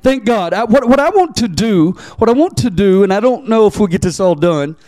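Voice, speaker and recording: A man's voice: high voice, lively intonation, brisk, darkish tone, dry recording, studio quality. A man preaching a sermon as pastor, talking conversationally, restarting his sentences and checking in with the congregation with "right?" and "amen?". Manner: repeats words as he restarts sentences.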